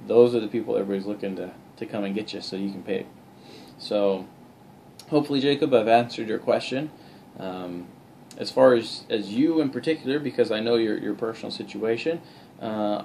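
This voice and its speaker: A man's voice: mid-range voice, mellow, slight background noise. A man who invests in real estate, answering a viewer's question in casual talk, plain-spoken and walking through examples step by step with frequent "uh"s and restarts. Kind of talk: casual explanatory talk to camera.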